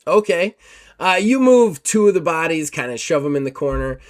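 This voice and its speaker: A man running a tabletop horror game, narrating casually with fillers and quick self-corrections. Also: fairly high pitch, lively intonation. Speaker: game master.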